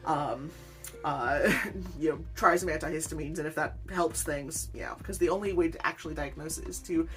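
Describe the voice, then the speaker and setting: Over music, a woman weaver who hosts her own channel chats during a casual unboxing vlog. Her voice sits low and moves at a moderate pace, and she rambles in a self-deprecating way, laughing often.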